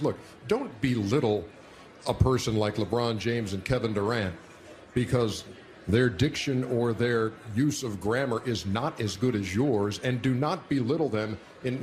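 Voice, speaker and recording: A man's voice: medium pitch, a little mellow. A man hosting a TV studio panel, talking earnestly and emphatically, repeating his points. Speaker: studio host. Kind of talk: television studio panel talk.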